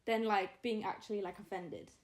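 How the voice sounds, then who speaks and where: A twenty-one-year-old woman co-hosting a casual podcast with her brother, chatty and quick to laugh. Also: mid-range voice, fairly even intonation, rough recording. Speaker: podcast co-host. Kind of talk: casual sibling chat.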